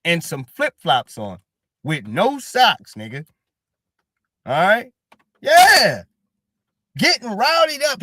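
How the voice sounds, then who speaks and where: A man talks casually on his own live stream, his voice pitched high and swinging widely as he tells a story. He keeps checking in with the listener with "all right?" after almost every sentence and slips into little impressions of the people he quotes. The sound is close and dry, with no room around it. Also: dry recording. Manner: repeats "all right?" constantly, animated storytelling, acts out quotes. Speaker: host.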